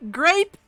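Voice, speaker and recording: A woman acting as game master, narrating scenes in a tabletop game session with a lively, laughing manner. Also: no room sound.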